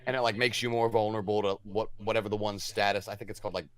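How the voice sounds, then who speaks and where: A young man co-hosting a podcast, ranting loudly in crude, mock-boastful banter. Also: fairly low pitch, level tone, racing, smooth, no room sound. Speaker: podcast co-host.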